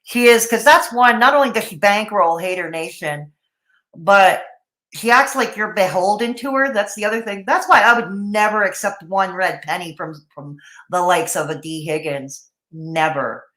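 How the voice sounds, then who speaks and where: A woman with a mid-range, fairly bright voice talks at a moderate pace while hosting a casual livestream. She's blunt and opinionated, greeting chat viewers by name between her comments.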